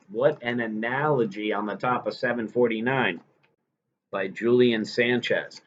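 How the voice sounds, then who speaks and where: A man's voice: mid-range voice, unhurried, fairly bright tone. A male teacher giving a recorded lecture, explaining step by step and checking in with "right?". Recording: slightly dull recording with faint hiss.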